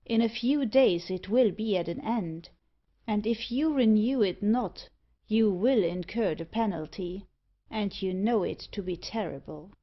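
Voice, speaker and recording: A woman's voice: mid-range voice, measured pace, highs cut off, natural voice. A woman reading the part of a sinister, demonic man in a black cloak, speaking in a cold, peremptory, scornful way. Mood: commanding.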